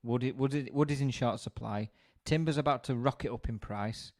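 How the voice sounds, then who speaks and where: A man's voice: mid-range voice, fairly quick, a little mellow. Easygoing West Yorkshire man, jokey. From Bradford, England. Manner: jokey and easygoing, stumbles and repeats words. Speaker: podcast co-host. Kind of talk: casual chat.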